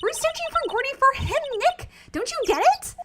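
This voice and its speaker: A woman voicing a bubbly, excitable teenage girl spirit medium in a video game, with squealing delivery. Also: very high-pitched, moderate pace, very noisy, voice pushed up. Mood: excited. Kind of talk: reading a video game aloud. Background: game music.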